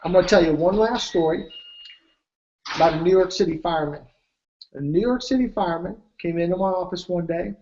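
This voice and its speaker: Pitching his weight loss program, a man tells emphatic motivational stories, performing the dialogue as he quotes it. His voice is high-pitched and darkish in tone, a little fast, and recorded with dull audio.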